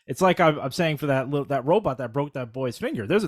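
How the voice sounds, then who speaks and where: A man's voice: on the high side, lively intonation, fast, dry recording, clean studio sound. A man co-hosting a podcast who rambles wryly, with many restarts and fillers. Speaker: podcast co-host. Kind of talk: casual podcast discussion.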